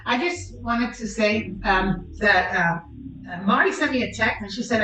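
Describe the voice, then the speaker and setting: A woman's voice: mid-range voice, expressive. Hesitant woman on a distant, echoey call. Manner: hesitant, halting with fillers. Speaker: team member on a call. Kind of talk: casual remarks on a group call. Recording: distant, echoey call audio with faint noise.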